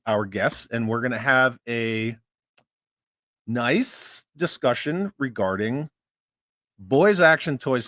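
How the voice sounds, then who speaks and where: A man's voice: medium pitch, a bit bright, no room sound. Laid-back guy hosting a chat show, rambly, lots of ums, close dry mic. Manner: easygoing, rambling with many fillers. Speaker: podcast host. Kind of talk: casual chat.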